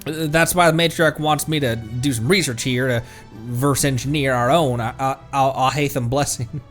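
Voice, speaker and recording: A man's voice: medium pitch, steady tone, moderate pace, a bit bright, faint music behind, close to an everyday voice. A man voicing a polite, grim crocodile farmer in a put-on swamp drawl, stumbling over a few words. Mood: courtly.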